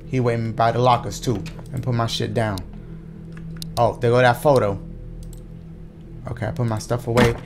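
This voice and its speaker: A male gaming YouTuber doing loud, profane, excitable let's play commentary full of slangy banter. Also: medium pitch, moderate pace, long pauses, slight background noise.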